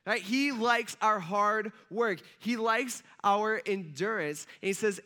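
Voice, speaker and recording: A man's voice: high voice, slow pace, few pauses, pushed and bright. A male pastor giving a casual, conversational sermon with asides to his congregation.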